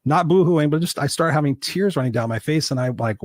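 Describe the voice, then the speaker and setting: A man's voice: mid-range voice, quick pace, few pauses, dry recording. A man telling a personal story as a podcast guest and motivational coach, emphatic and speaking straight to the listeners. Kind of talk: storytelling interview talk.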